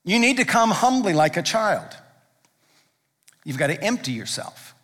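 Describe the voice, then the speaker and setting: A man's voice: high voice, sing-song, a little slow, a bit bright. A male pastor preaching a sermon in a church, talking conversationally and driving points home with emphatic repetition. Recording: long reverb from a large hall.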